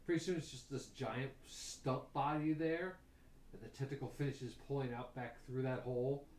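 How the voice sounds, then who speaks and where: A man's voice: mid-range voice, fairly even intonation, moderate pace, darkish tone. Man narrating gory game scenes in an echoey room. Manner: vivid, gory storytelling with chuckles. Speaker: game master.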